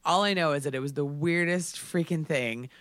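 A man casually telling a story, animated and full of fillers like "like". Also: a little high, moderate pace, clean tone, no room sound. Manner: animated, filler-heavy with frequent "like".

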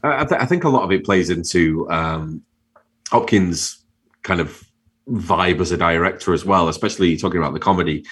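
A man's voice: low voice, fairly bright tone, slightly rough. A man casually discussing a film, hesitant and full of fillers. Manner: halting, many fillers and restarts.

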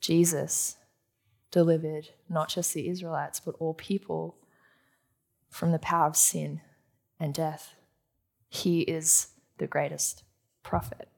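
Gravelly-voiced woman preaching a sermon. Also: lowish voice, a little mellow. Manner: teaching, asks the audience questions.

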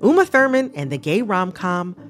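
A woman hosting a radio talk show, speaking in a lively, incredulous way. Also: fairly low pitch, moderate pace, soft background music. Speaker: host.

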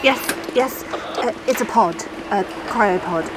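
A woman's voice: medium pitch, a little slow, very noisy, close to an everyday voice. A woman playing a dry, sardonic woman. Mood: flustered, polite. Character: dry, understated young woman, wry under pressure. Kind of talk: audio drama acting.

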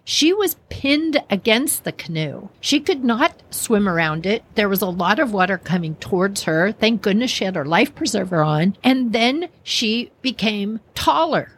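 Woman podcast host, personal storytelling, lively pitch, acts out quotes, mid voice. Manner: animated, lots of acted-out quotes.

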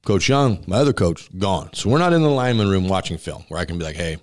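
A man with a very low, deep voice tells stories in a relaxed interview. He talks bluntly and with emphasis, and he acts out the conversations he describes. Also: fast talker. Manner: emphatic and blunt, acting out dialogue with laughs. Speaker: restaurant owner and former college football center. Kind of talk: casual storytelling interview.

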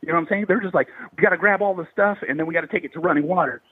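A man's voice: high voice, rapid-fire, slightly rough, dry recording, phone-quality sound. A man in his thirties from the Bay Area, telling a paranormal story in slangy, profanity-heavy casual talk. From Bay Area, California. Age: 30s. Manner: heavy swearing, slangy and animated.

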